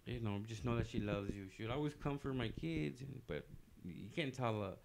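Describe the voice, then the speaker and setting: A man's voice: mid-range voice, expressive, normal speed, gravelly, a little mellow, a little hiss or hum. A man telling a long personal story on a casual podcast, rambling loosely with many fillers and restarts.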